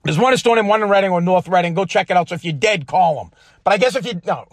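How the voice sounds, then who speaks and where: A man's voice: high-pitched, expressive, rapid-fire, no echo, clean studio sound. A man from Massachusetts, hosting a podcast in a rambling, profane, combative rant. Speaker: podcast host. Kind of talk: casual political rant.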